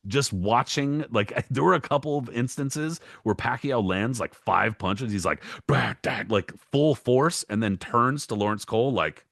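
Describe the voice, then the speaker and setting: A man's voice: medium pitch, animated, creaky, a bit bright, dry recording, clean studio sound. A man co-hosting a podcast as a boxing historian, ranting in a profane, exasperated way and running down a list of examples. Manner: rapid listing with mock-quoted voices. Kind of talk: casual podcast rant.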